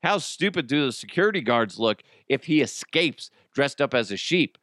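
A man's voice: mid-range voice, sing-song, normal speed, a bit bright, no room sound, studio quality. A man hosting a comedy podcast, ranting crudely and mocking people while laughing at his own jokes. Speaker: podcast host.

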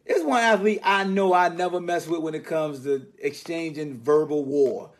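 Animated slangy male podcast host. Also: fairly high pitch, moderate pace. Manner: animated, slangy, mocking riffs. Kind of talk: casual sports commentary monologue.

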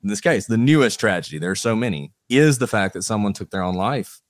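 A man giving measured legal analysis on a podcast panel, thinking aloud with small restarts. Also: on the low side, expressive, no room sound, clean studio sound. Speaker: attorney guest.

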